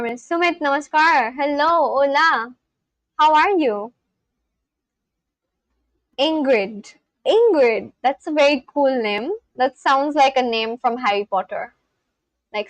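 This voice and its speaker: A woman's voice: sits high, normal speed, a bit bright, no echo. A woman from India, chatting casually on a livestream, reading and answering viewers' comments. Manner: chatty, reads and answers chat aloud, laughs often. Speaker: livestream host.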